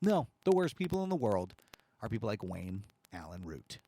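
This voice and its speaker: A man's voice: fairly low pitch, big pitch swings, normal speed, warm tone. A male podcast host delivering a profane, sarcastic comedic rant. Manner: sarcastic, swears freely.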